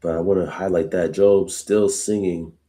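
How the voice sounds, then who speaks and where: A man with a low, warm voice hosts a live Bible study, reading verses aloud at a normal speed with fairly even intonation. He then reflects on them casually and conversationally, tossing in "y'all" asides as he comments on the scripture.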